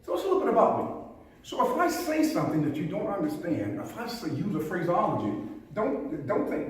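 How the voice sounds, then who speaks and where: Heard from a distant mic in an echoey museum hall with faint room noise, a police chief from the American South gives a folksy talk. The older man's high voice is sing-song and brisk as he tells stories, drops homespun sayings, and quizzes the audience.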